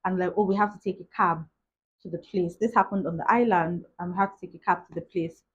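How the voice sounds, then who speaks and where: A woman's voice: fairly low pitch, fairly even intonation, fast talker, breathy edge. A young woman telling a personal story to camera in a chatty way, full of "like" asides. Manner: chatty, retells events with many "like" asides. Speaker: vlogger. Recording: dull lo-fi recording.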